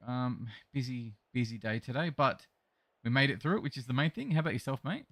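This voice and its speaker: A man's voice: medium pitch, lively intonation, brisk, a bit bright, dry recording. An Australian man live streaming a game, chatting casually and greeting his viewers as mate and bro. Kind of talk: casual chat reading live chat while gaming.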